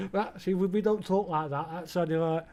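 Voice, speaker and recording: A man's voice: sits high, steady tone, moderate pace, darkish tone, slight background noise. Chatty East Midlands man, rambling. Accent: East Midlands English. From English Midlands. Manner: rambling, chatty, full of fillers, talks to game customers. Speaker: gaming channel host. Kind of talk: casual let's-play commentary.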